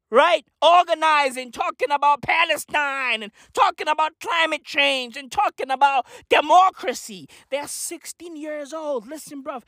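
A woman delivering a profane comedic rant in slangy bro-talk, full of filler tags, excitable outbursts and laughing asides. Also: sits high, dry recording, clean studio sound.

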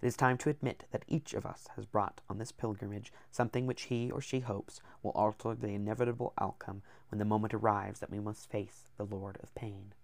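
A man voicing a calm hooded male Templar who speaks quietly and breathily with an odd accent, in an audiobook. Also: lowish voice, a little fast, few pauses, no room sound. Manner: quiet, breathy, near whispered, oddly accented.

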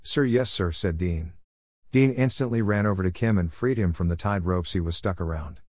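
A man narrating a children's animal story aloud in a steady storytelling manner. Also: low-pitched, moderate pace, no echo, clean studio sound.

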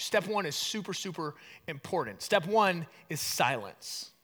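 A man's voice: a little high, sharp tone, in a large hall. A man preaching a sermon as a pastor, in a casual, conversational teaching manner with playful asides.

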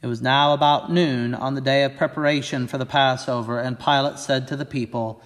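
A man's voice: medium pitch, steady tone, a little fast, few pauses. Man reading scripture in a reverberant hall. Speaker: pastor. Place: church.

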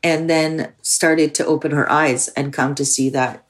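A woman's voice: low voice, fairly even intonation, measured pace. A woman filmmaker from the Soviet Union recounting a personal story candidly, with frequent "like" fillers. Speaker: filmmaker guest.

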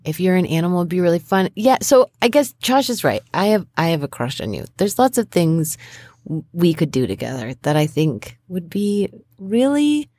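A woman voicing a sweet young female bunny spirit who gushes bashfully in a squeaky voice. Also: big pitch swings, normal speed, darkish tone, no room sound. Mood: earnest.

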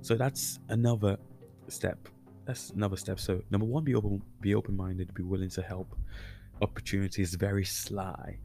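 A man's voice: fairly low pitch, steady tone, normal speed, gravelly, warm tone, soft background music. A man hosting a Christian podcast, teaching casually and conversationally with frequent fillers and restarts. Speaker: podcast host.

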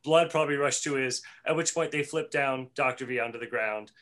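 A man with a bright, forceful voice walks through a plot recap on a podcast, scene by scene. He is playful and laughs easily between the beats. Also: medium pitch, fairly quick. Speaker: podcast co-host recapping an episode. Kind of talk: casual chat and plot recap.

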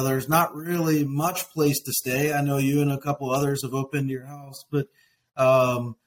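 A man's voice: a little high, slight background noise. A man interviewing in a casual conversation, hesitant, with fillers and false starts.

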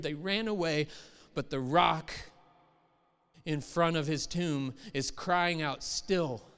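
A middle-aged pastor with a fairly high voice chats with his congregation, then lifts into emphatic quoted lines. His tone is fairly bright, clear, and resonant, and the sermon rings with the long reverb of a large hall.

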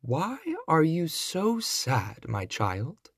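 A man voicing a kindly little old fairy godmother in a storybook reading, gentle but commanding. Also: sing-song, very slow, husky, dry recording, clean studio sound, exaggerated voice. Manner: gentle, commanding, higher and brighter than his narration.

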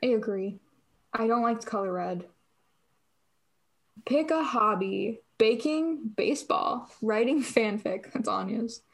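A woman's voice: fairly high pitch, lively intonation, unhurried, slightly rough. A young woman co-hosting a podcast, chatting casually and rambling with lots of fillers and restarts. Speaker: podcast co-host.

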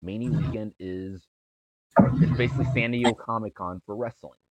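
A man's voice: lowish voice, steady tone, moderate pace, very noisy. A man co-hosting a wrestling podcast in casual chat, rambling and restarting his sentences. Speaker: podcast co-host.

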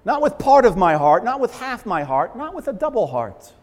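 A man preaching a sermon as pastor, fervent and emphatic, swinging from loud swells to hushed, quiet lines. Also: sits high, very animated, normal speed. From Massachusetts, USA. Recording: long reverberant hall echo.

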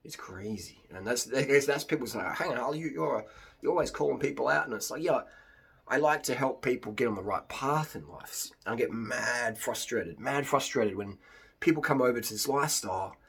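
Husky aussie guy ranting to camera, unscripted, keeps doing high silly impressions of people. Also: moderate pace. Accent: Australian. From Australia. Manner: animated, mimics others in high put-on voices. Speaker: vlogger.

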